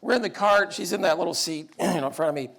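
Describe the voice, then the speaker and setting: A man's voice: high-pitched, quick pace, gravelly, a bit bright. A man giving a storytelling talk about fatherhood with wry, self-deprecating humor. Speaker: public speaker.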